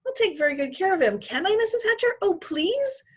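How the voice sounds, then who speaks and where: A woman's voice: very high voice, sing-song, a little fast, pitched above the performer's own voice. A woman voicing a bossy know-it-all fourth-grade girl, eager and pushy. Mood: pleading.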